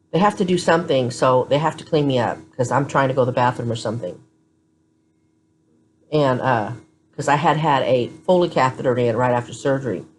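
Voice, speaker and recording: A woman with a low voice chats to her phone camera from a hospital room. She sounds tired. She tells her story bluntly and candidly, like a vlogger keeping it real. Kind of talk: casual chat to camera.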